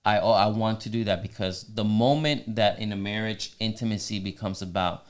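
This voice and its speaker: A man's voice: on the low side, moderate pace. A man co-hosting a faith-based marriage podcast, talking earnestly in a casual way with frequent restarts. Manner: earnest, many restarts, teasing asides. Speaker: podcast co-host.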